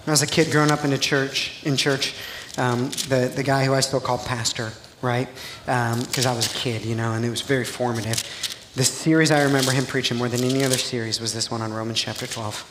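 A pastor preaching a sermon in a casual, conversational way that builds to loud, emphatic passages. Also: male voice, medium pitch, flat delivery, brisk, hardly any pauses. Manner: conversational preaching, rising to near-shouting emphasis. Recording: echoey live church sound, faint noise.

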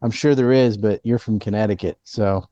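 A man's voice: fairly low pitch, fairly even intonation, normal speed, dull audio, a loud crowd. A man hosting a casual political chat, blunt and opinionated, ranting about the news.

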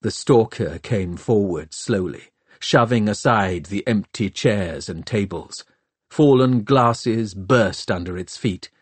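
A man narrating an audiobook in a measured, dramatic way. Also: lowish voice, husky, dry recording.

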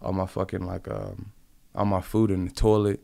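A man's voice: low voice, little pitch movement, normal speed, creaky, warm tone, no echo. A man from Compton being interviewed, speaking in a rambling, profane, slang-filled casual way. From Compton, California. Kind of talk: casual conversational storytelling.

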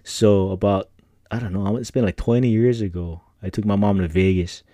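A middle-aged podcast host chats casually in a low, mellow voice with a steady tone and moderate pace. Laid-back, he rambles through personal stories, laughing often and using slang. The recording is close and dry, with no room sound.

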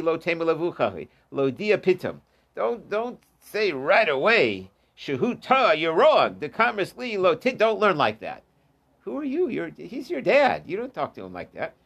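A man leads a relaxed Talmud class, reading each line of the text aloud and then unpacking it in English. His voice sits a bit high and has a gravelly edge. He talks in loose bursts full of fillers and restarts. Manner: reads Aramaic then explains in English, with many fillers and restarts. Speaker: Talmud teacher.

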